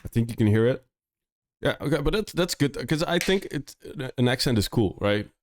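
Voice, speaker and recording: A young Dutch man with a Dutch accent reviews demos on a live stream, chatting casually and rambling with lots of "like" and restarted sentences. His mid-range voice has lively intonation and a normal speed, with slight background noise.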